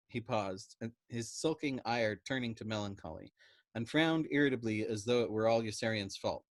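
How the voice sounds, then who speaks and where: A man's voice: mid-range voice, moderate pace, no room sound. A man reading a novel aloud as narrator of a storytime podcast. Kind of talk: expressive book reading.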